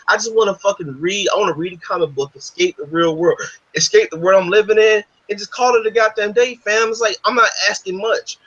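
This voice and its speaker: A man's voice: high-pitched, sharp tone, breathy edge. A man hosting a casual discussion, ranting in a heated, profane, emphatic way. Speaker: podcast host. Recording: dull lo-fi audio.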